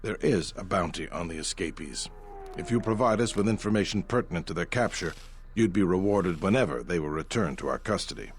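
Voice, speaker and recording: Curt security officer guy in a video game, low voice, businesslike. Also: expressive, fairly quick, slight background noise. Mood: stern. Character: stern male station security officer.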